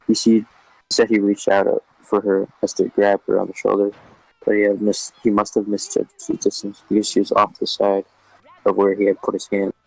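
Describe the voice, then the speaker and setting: A man reading a scary story aloud in a casual, flat delivery, swearing often. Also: on the low side, fairly quick, vocal fry, no room sound, poor audio.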